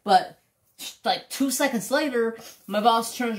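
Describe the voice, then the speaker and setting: With a very high-pitched voice, the middle-aged man talks slowly and leaves long pauses. He hosts a craft channel and chats bluntly while diamond painting, rambling and swearing freely.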